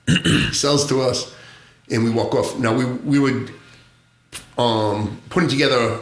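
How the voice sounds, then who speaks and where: A man tells a story with lots of energy, jumping into high voices for the people in it and laughing as he goes. His voice sits at a middle pitch. The room has a noticeable echo. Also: takes it slowly, slight background noise. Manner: animated storyteller, acts out voices in high tones, laughs often, swears. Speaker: podcast guest, former narcotics agent. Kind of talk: casual storytelling.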